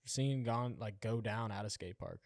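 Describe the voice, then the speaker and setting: A man's voice: on the low side, moderate pace, a little mellow, no room sound, clean studio sound. A man hosting a podcast, asking questions in an easygoing, casual way. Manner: easygoing, laughs between questions. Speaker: podcast host. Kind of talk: casual interview chat.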